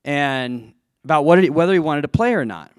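A man's voice: fairly high pitch, expressive, brisk, smooth, no echo, studio quality. A man telling a self-deprecating personal story to a live audience, chatty, laughing at himself and restarting his sentences. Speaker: speaker addressing a live audience.

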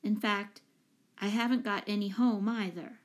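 A woman reading aloud, voicing a shy homeless boy who speaks slowly and hesitantly. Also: medium pitch, fairly even intonation, natural voice. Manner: mumbling, hesitant.

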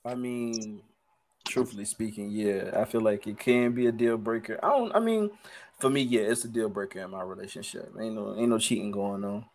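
A man's voice: on the low side, moderate pace, a little mellow. A man co-hosting a casual podcast chat, talking in a hesitant, hedging way. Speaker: podcast co-host.

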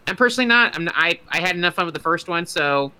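A man in casual podcast chat, sarcastic and quick to cut in. His voice is very bright and cleanly resonant. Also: fairly high pitch, expressive, clean tone. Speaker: podcast co-host.

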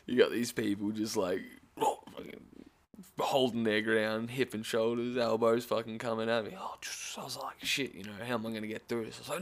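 A man's voice: on the low side, steady tone. Laid-back young Australian man telling a story. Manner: laid-back, swears often, quick laughing asides. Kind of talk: casual storytelling.

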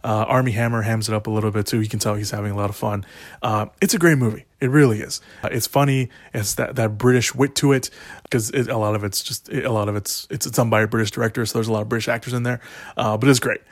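A man's voice: fairly low pitch, steady tone, quick pace, dry recording, clean studio sound. Rambling, enthusiastic male podcast host. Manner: rambling, enthusiastic, many restarts. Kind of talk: casual movie review podcast.

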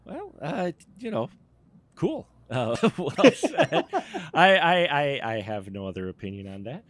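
A man's voice: medium pitch, sing-song, unhurried, no echo. A man hosting a casual live-stream chat, loose and chatty, laughing often. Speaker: podcast host.

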